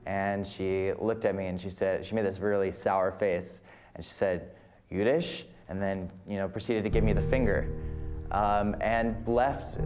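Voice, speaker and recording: A young man, a film student, casually telling a story with many fillers and pauses. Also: on the low side, darkish tone. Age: young adult. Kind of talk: casual anecdote. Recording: guitar music behind.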